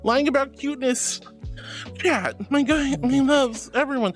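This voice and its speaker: A woman streaming as a VTuber archangel persona, chatting casually with her viewers in a playful, dramatic way and turning soft and comforting when she consoles them. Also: high voice, measured pace, soft background music. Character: archangel persona, regal and sweet. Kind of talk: casual livestream chat.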